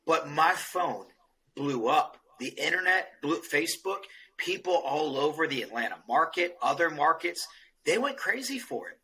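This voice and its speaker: A man's voice: a little high, sing-song, moderate pace, bright, forceful tone, rough recording. A man guesting on a podcast, telling jokey stories in casual chat and checking in with the listener as he goes. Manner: jokey storyteller, checks in with "okay?". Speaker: roofing company guest.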